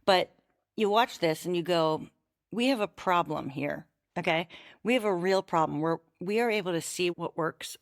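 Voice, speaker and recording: Low-voiced rambling woman, dry sound. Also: normal speed, no room sound. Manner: rambling, musing, full of "like" and "okay?". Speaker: podcast co-host. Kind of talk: casual chat.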